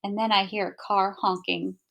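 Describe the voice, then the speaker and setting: A woman reading a children's picture book aloud in an expressive, gentle first-person narration. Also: medium pitch, normal speed, gravelly. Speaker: storybook reader.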